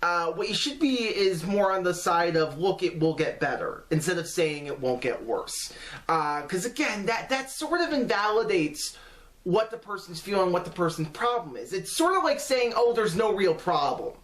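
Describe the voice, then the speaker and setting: A man vlogging casual advice to camera in an earnest, halting way, with many restarts and fillers. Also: sits high, very animated, fairly bright tone.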